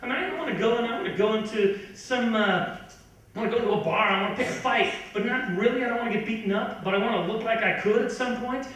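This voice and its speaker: A middle-aged man doing a stand-up comedy set in a club, ranting and incredulous, sometimes building to a shout. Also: high voice, quick pace. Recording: echoey club from far off.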